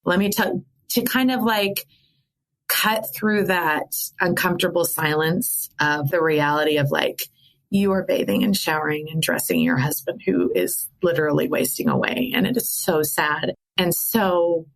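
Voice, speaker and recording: A middle-aged woman from the American Midwest, candidly telling a personal story of grief, animated and laughing through sadness. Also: on the low side, unhurried, gravelly. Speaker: podcast guest.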